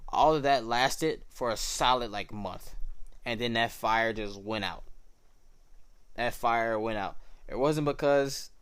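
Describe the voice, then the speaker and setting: A young man hosting a podcast, telling his personal faith testimony in a relaxed, slangy, reflective way. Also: medium pitch, takes it slowly, smooth, no room sound. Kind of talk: casual personal storytelling.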